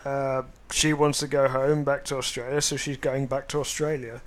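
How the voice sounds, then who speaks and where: A man's voice: medium pitch, flat delivery. A man casually commenting on a game he is playing, hesitant and full of ums. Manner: hesitant, many ums, drawn-out pauses. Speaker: let's play host. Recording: loud game music under voice. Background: game music.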